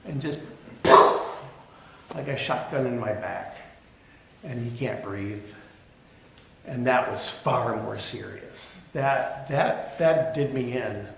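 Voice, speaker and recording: A man's voice: mid-range voice, animated, slow pace, gravelly. A middle-aged male pastor giving a sermon, telling a personal story candidly with self-deprecating humor. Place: church sanctuary. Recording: echoey church with faint ambient noise.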